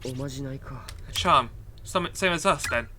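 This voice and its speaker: A man's voice: medium pitch, slow pace, bright, forceful tone, a little hiss or hum. Man voicing an earnest stammering schoolboy. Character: earnest teenage schoolboy hero. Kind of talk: game dub let's play. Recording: game music behind.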